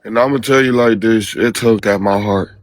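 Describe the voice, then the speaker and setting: A man's voice: lowish voice, fairly even intonation, normal speed, no room sound. A man in a casual live audio chat, pressing the host with indignant questions.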